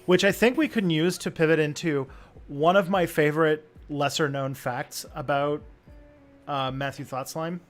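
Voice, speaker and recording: A man's voice: on the high side, normal speed. Easygoing male host, faint music behind. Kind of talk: casual chat.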